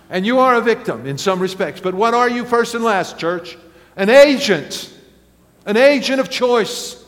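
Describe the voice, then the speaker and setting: A man's voice: high-pitched, lively intonation, a little slow, a bit bright. A male pastor preaching a sermon, telling stories animatedly with acted quotes and chuckles. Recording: long reverb of a large hall.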